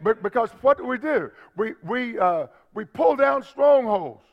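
A man's voice: extremely high pitch, animated, unhurried. A man pastor preaching a sermon, asking the congregation for responses as he explains scripture. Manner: preaching with call-and-response asides. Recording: dull lo-fi sermon audio.

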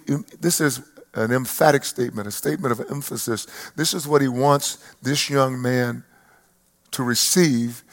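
An older male pastor in his seventies preaches to a live congregation. His voice is gravelly and mid-pitched, swelling into loud emphatic lines and falling back to quiet, personal asides. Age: 70s. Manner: rises to loud emphatic peaks, drops to soft reflective asides. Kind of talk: sermon. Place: church service before a live congregation.

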